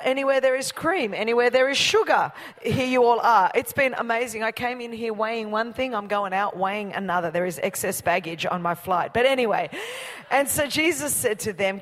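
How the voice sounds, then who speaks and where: Her voice slightly high and fairly bright, an Australian woman in her forties preaches a sermon as a guest in a large church auditorium, where the hall gives a long reverb. She is exuberant, full of jokes and banter with the congregation.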